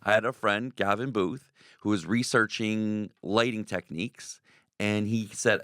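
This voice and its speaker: A man's voice: lowish voice, a little slow, smooth, no echo, clean studio sound. A man, a haunted house owner telling stories in an interview and acting out the voices of the people in them. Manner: excitable, acts out quoted voices. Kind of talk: animated radio interview storytelling.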